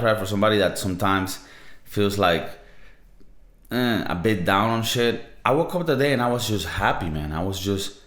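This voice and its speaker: A man in his thirties hosting a casual solo podcast, talking in a laid-back, profane, rambling way. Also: lowish voice. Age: 30s. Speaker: podcast host. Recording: roomy echo.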